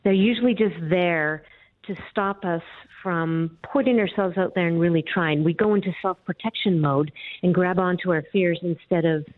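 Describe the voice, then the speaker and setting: A woman speaks on a radio show over a thin, phone-quality line, her voice slightly low and dry. She explains things in a calm, measured way. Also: no room sound. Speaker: guest author. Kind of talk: radio interview.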